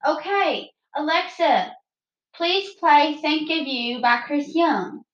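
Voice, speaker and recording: A woman's voice: high voice, slow pace, fairly bright tone, dull audio. A woman with a Southern American accent chatting casually and ramblingly to her viewers about the songs she plans to sing. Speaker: vlogger singing covers.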